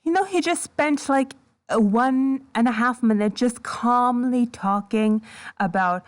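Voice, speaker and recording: A woman doing reaction commentary on a video, exasperated and stammering, breaking into yells of disbelief. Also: fairly high pitch, moderate pace. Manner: exasperated, stammering, bursts into yelling. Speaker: commentary YouTuber.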